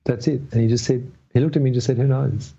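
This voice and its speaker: A man's voice: medium pitch, steady tone, fast, gravelly, dark tone, husky. A middle-aged man telling a long personal story as a podcast guest, rambling with many restarts. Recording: dull lo-fi audio.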